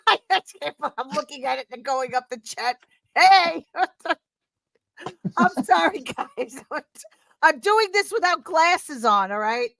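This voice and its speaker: High-voiced woman with a thick New York accent. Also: slow, creaky, no echo, poor audio. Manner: animated, laughing, rambling with many fillers. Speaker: guest. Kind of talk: casual chat.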